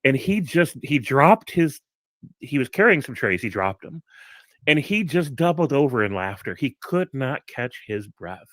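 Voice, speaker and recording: Man, guest on a live call, animated storyteller, laughs a lot, dry mic. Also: a little slow, no room sound. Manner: animated storyteller, laughs often, breaks into higher quoted voices. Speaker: guest on a live discussion stream. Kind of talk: casual anecdote telling.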